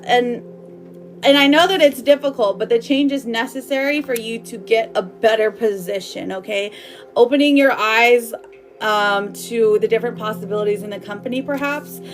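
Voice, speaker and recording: A woman's voice: fairly high pitch, normal speed, faint music behind. A woman doing a live tarot reading for viewers, bubbly and affectionate, chatting loosely with lots of fillers and laughs. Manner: affectionate, calls viewers girl and my love. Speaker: tarot reader.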